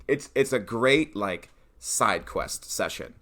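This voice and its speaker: Man, bright, lowish pitch, casual tabletop brainstorming, animated, acts out players. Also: takes it slowly. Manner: animated, acts out player reactions, frequent fillers. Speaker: podcast co-host designing a tabletop adventure.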